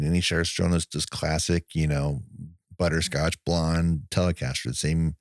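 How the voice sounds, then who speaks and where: A man's voice: very deep voice, steady tone, moderate pace, no echo, studio quality. A man co-hosting a casual movie-recap chat, retelling scenes with laughs and putting on the characters' lines. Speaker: podcast co-host.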